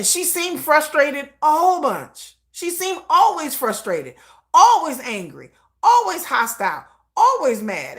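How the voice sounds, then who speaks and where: A woman hosts a livestream with a fairly high voice, giving casual commentary. She talks bluntly and with emphasis, dropping slang and profanity and laughing often. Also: a bit bright. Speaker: livestream host.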